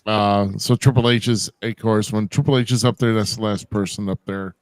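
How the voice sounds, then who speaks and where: A man's voice: fairly low pitch, steady tone, moderate pace, smooth, dry recording. A man co-hosting a casual wrestling recap podcast, loose and joking, calling people bro and dude. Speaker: podcast co-host.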